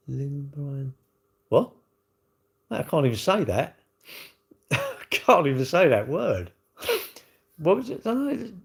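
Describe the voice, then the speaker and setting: A man's voice: medium pitch, creaky. A man, rambling in casual livestream chat and answering viewers' comments with lots of tag questions. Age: 60s. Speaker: livestream host.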